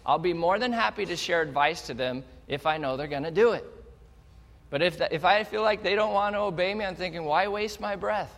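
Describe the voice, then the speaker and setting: A male pastor preaching a sermon, telling the story with animated energy and speaking straight to the congregation. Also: high voice, fairly quick, vocal fry. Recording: long hall reverb.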